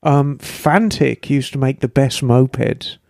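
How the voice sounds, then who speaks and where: A woman co-hosting a podcast, chatting casually in an animated, gushing, jokey way. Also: a bass voice, slow pace, no room sound. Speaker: podcast co-host. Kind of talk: casual chat.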